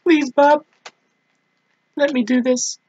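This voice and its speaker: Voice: sits high, steady tone, takes it slowly, a little mellow, dry recording, muffled recording, pitched above the performer's own voice. A gamer voicing a guilt-ridden, distraught teenage girl from a game, in a raised voice, pleading and full of self-loathing.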